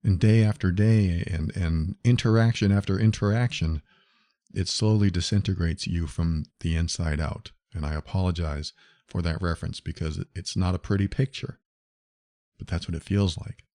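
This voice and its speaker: A man's voice: low voice, moderate pace, mellow, dry recording, studio quality. A man hosting a solo podcast, talking earnestly and directly to the listener as he explains. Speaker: podcast host.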